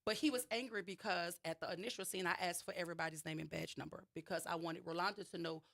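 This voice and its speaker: Slightly low-voiced woman, New Orleans accent, radio guest, emphatic storytelling with restarts. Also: fairly even intonation, fast, gravelly, a bit bright. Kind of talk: radio interview, personal account.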